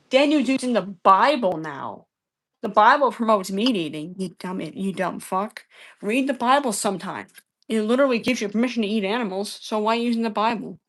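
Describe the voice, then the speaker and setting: Woman streamer, combative and profane, scolding her chat, keeps repeating herself. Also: medium pitch. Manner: repeats phrases over and over. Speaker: livestream debater. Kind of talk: heated livestream argument with chat.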